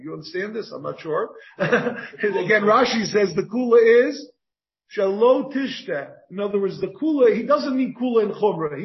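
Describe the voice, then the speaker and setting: Rabbi guy giving a talmud shiur, fairly high voice, keeps asking "so what?" to himself, kinda dull lo-fi sound. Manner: thinks aloud with repeated rhetorical questions. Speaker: rabbi teaching a Talmud class. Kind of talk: Talmud lecture. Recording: dull lo-fi recording.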